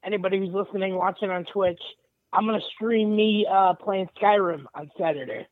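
A man co-hosting a podcast, hesitant and low-key in casual chat. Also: fairly even intonation, moderate pace, no echo. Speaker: podcast co-host. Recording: dull lo-fi mic.

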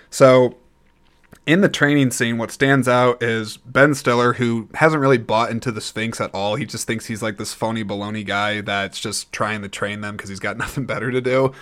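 Chatty man clearing his throat. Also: lowish voice, fairly bright tone. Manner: rambling and chatty, frequent throat clearing and restarts. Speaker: podcast host. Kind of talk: casual solo movie review.

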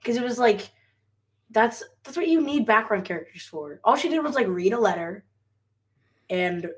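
A woman in casual chat about a TV episode, chatty and quick to laugh. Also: fairly high pitch, expressive.

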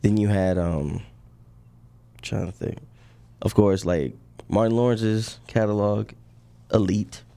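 Gravelly laid-back podcast guy. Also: fairly low pitch, steady tone, slow, long pauses, mellow. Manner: laid-back, laughs often, rambling with fillers. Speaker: podcast co-host. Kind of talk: casual chat.

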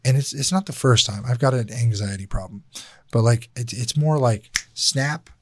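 A man's voice: mid-range voice, moderate pace, breathy edge, no room sound. Blunt, swearing male podcast host. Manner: blunt, candid, swears freely. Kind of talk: casual podcast chat.

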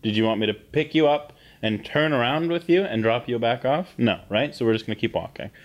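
A man's voice: mid-range voice, brisk. A young Canadian man co-hosting a podcast, chatting casually, swearing a lot as he rants and laughs. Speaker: podcast co-host. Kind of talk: casual chat.

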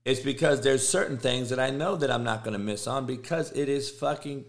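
A man's voice: medium pitch, fairly quick. A middle-aged man, host of a sports show, ranting casually and emphatically, swearing and repeating himself for effect. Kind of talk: casual rant on college football.

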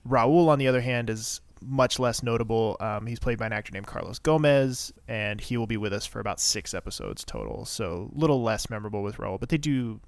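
A man's voice: lowish voice, lively intonation, fairly quick, creaky, few pauses, dry recording. A man co-hosting a podcast, casually recapping a TV episode in a rambling, chatty way. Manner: chatty, rambling with fillers and asides. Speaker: podcast co-host.

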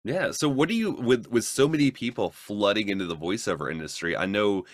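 Low, lively-voiced male podcast host. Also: a little fast, dry recording, clean studio sound. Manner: brief affirmations, curious questions. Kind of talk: interview questions.

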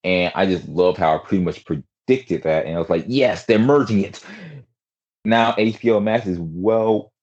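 A man's voice: low-pitched, steady tone, moderate pace, few pauses, a little mellow, highs cut off. A man hosting a podcast in casual chat, rambling with lots of fillers and restarts over an online call. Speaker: podcast host.

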